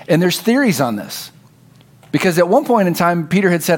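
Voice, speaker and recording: A male pastor preaching a sermon, telling the story and acting out its dialogue, dropping to a low hush for emphasis. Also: lively intonation, moderate pace.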